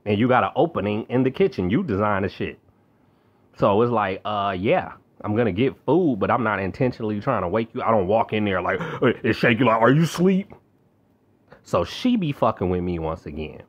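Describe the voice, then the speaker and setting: A man's voice: lowish voice, expressive, brisk. Fuming young man ranting, lo-fi. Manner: heated, profane, venting. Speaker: vlogger. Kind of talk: angry rant to camera. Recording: slightly dull lo-fi audio.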